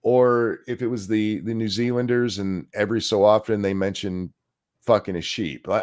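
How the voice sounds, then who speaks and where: A man's voice: on the low side, fairly even intonation, normal speed, darkish tone. A man co-hosting a casual podcast, ranting in a crude, mocking, profane way. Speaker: podcast co-host.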